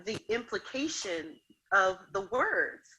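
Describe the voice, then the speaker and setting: A woman hosts a podcast conversation in a bright voice of medium pitch. She affirms her guest and reflects on what was said in a measured, conversational way. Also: sing-song, rough recording. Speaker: podcast host. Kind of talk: interview conversation.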